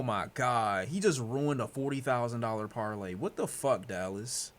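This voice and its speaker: Excitable young streamer from Detroit. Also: male voice, medium pitch, moderate pace, hardly any pauses. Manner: excitable, swearing, jumps from mutters to loud outbursts. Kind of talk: live-stream reaction commentary.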